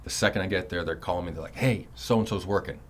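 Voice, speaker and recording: A man in his thirties with a low voice speaks fast as a son recounting his prison years. He tells the long story casually and ramblingly, full of swearing and "you know".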